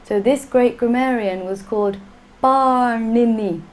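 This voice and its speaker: A woman's voice: fairly high pitch, unhurried, darkish tone, soft background music, poor audio. A woman teaching a class, patient and playful, often laughing. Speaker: Sanskrit teacher. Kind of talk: classroom lesson.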